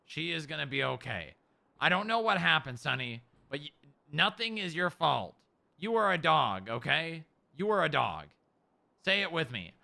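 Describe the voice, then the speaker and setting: Bright, gravelly-voiced man in role-play. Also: on the high side, big pitch swings, moderate pace. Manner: coaxing and reassuring, talking gently to a dog and a patient. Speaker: streamer playing a character.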